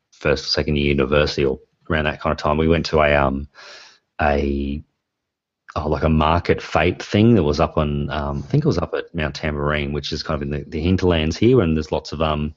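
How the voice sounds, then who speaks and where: Deep-voiced man rambling. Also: dry recording. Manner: rambling storyteller, laughs often. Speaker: podcast host. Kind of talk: casual chat. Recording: dry, dull lo-fi sound.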